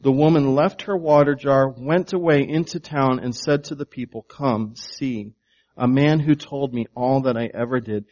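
A man delivering a sermon at a medium pitch, leaning hard on key words and dropping low for others. He keeps turning to the congregation with questions. The recording sounds a little dull and muffled. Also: moderate pace, darkish tone. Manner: emphatic, varies volume for stress. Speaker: pastor.

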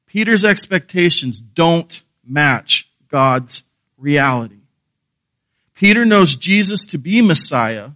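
A man's voice: on the high side, bright, forceful tone, no echo. A man preaching a sermon, earnest and emphatic, asking rhetorical questions and repeating key phrases. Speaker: pastor.

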